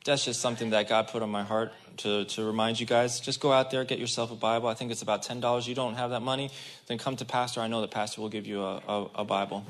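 A man gives a casual, conversational sermon. His voice sits at an ordinary middle pitch. He talks straight to the congregation and acts out the people in the story. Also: little pitch movement, quick pace, a bit bright. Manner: casual and chatty, addresses the congregation directly. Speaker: guest preacher.

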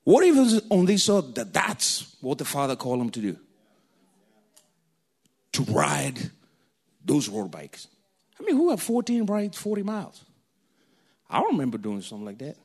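A man from Kenya, preaching a sermon through animated, jokey personal stories. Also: on the high side, moderate pace, pauses often, husky. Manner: animated, jokey storytelling, laughs often.

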